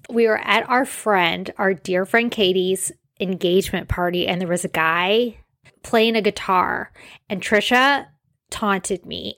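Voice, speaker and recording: A woman in her forties talks through her own solo podcast in a loose, rambling way, poking fun at herself as she drifts between side notes. Her pitch sits in a plain middle range for a woman. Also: fairly bright tone. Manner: chatty, self-deprecating, rambling asides. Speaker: podcast host. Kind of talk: casual solo podcast chat.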